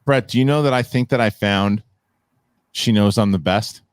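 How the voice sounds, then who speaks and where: A man's voice: fairly low pitch, moderate pace, clear, resonant tone, no echo. A man hosting a podcast, telling a story casually with some swearing and laughing. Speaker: podcast host. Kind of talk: casual chat.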